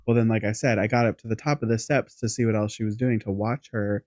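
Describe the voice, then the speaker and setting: A man co-hosting a podcast, telling a long anecdote in a rambling, animated way with casual swearing. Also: on the low side, quick pace, dry recording, studio quality. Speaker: podcast co-host. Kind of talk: casual storytelling chat.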